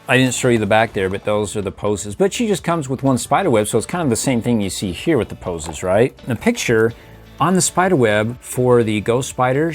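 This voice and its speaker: A middle-aged man hosting a casual toy review, playful and chuckling, making little sound effects as he poses figures. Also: mid-range voice. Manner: playful, chuckling, makes sound effects while posing toys.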